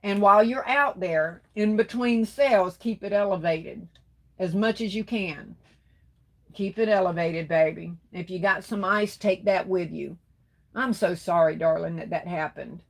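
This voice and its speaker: Reading out viewer comments on her craft livestream, this woman chats back affectionately with endearments like baby and darling. She has a medium-pitched, creaky voice and speaks at a measured pace.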